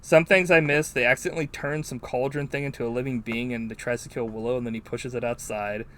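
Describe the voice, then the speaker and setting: A man hosting a podcast, chatting casually and recounting a movie in a rambling, profane, animated way. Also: mid-range voice, fast. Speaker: podcast host. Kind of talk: casual movie-review chat.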